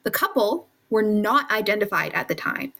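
Woman calmly narrating a true-crime case. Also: medium pitch, normal speed, creaky. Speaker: podcast co-host presenting the case.

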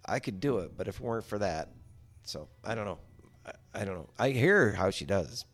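Middle-aged male guest, gravelly and animated, rambling casual talk with swearing. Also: fairly low pitch, fairly quick, soft background music. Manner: rambling, many restarts, salty language. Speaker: podcast guest. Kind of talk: casual chat.

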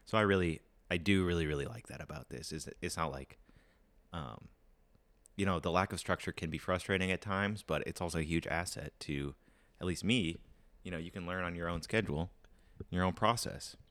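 Deep-voiced tired young man chatting. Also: brisk, a bit bright, dry recording. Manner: rambling, upbeat, lots of fillers. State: tired voice that cracks. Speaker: podcast co-host. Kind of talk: casual podcast chat.

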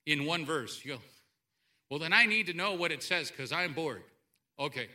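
Male pastor, high bright voice, lively sermon delivery with sudden loud bursts and soft asides. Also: normal speed, pauses often. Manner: animated, jumps between loud outbursts and quiet asides. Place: church sanctuary.

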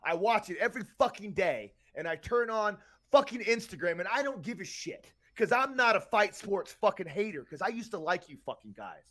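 Ranting with anger and plenty of swearing, a podcast co-host from Tampa, Florida speaks briskly with few pauses. His voice sits high and a bit bright, swinging widely in pitch as he makes his emphatic, heated case.

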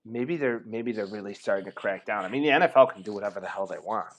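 A man's voice: on the low side, fast talker. A man co-hosting a sports podcast in casual chat, rambling, joking and swearing. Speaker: podcast co-host.

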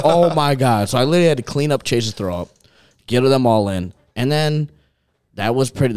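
A young man hosting a casual chat, telling a rowdy night-out story in an animated, profane way and laughing along as he goes. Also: lowish voice, no echo. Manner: animated, profane, laughs through his stories.

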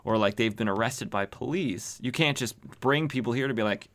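A man's voice: mid-range voice, normal speed, a bit bright, lightly acted. A man voicing a weary male police officer at the front desk. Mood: exasperated.

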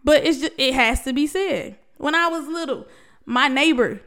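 Woman vlogger, high voice, emotional preachy pep talk, calls her listeners baby. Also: moderate pace, a bit bright. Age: adult, past college. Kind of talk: heartfelt motivational talk to camera.

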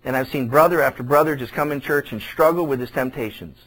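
A pastor preaching a sermon, animated, repeating phrases for emphasis and acting out the people he quotes. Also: mid-range voice, fast, poor audio.

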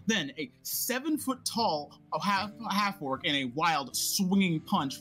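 A game master narrating a scene in an online tabletop game, with halting fillers. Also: medium pitch, sing-song, a bit bright, soft background music.

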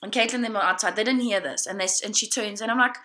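A woman's voice: medium pitch, rapid-fire. A woman guest in a casual chat, telling a story dramatically and talking to the audience directly. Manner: animated, dramatic, talks to the audience as "guys".

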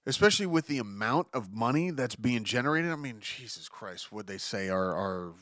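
On a solo podcast, a male host reads the news and vents about it with exasperation and swearing, often restarting mid-sentence in this casual commentary. He speaks at medium pitch and a moderate pace, expressive and a bit bright, in a dry recording.

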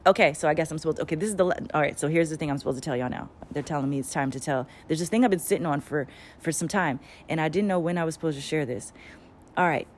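A woman's voice: sits low, racing, slight background noise. A woman talking casually as a spiritual channeler, rambling and swearing as she tells a story with lots of energy. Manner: profane, rambling, animated storytelling.

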